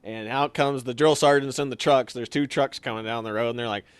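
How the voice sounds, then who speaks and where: A young man casually telling a story, animated and acting out what others said. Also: brisk, smooth, no room sound. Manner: animated, acts out quotes with sudden higher shouts. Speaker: storyteller guest.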